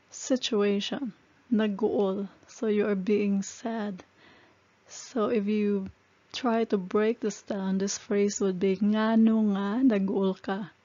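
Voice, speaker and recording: A woman's voice: medium pitch, warm tone, no room sound. A woman teaching a language lesson, explaining phrases step by step and repeating them. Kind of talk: slow, patient language lesson. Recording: dull lo-fi sound.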